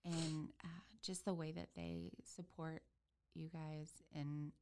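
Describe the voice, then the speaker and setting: A woman's voice: deep voice, flat delivery, slow, background noise. A woman hosting a podcast interview, affirming her guest with many fillers and restarts. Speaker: podcast host. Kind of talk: casual interview chat.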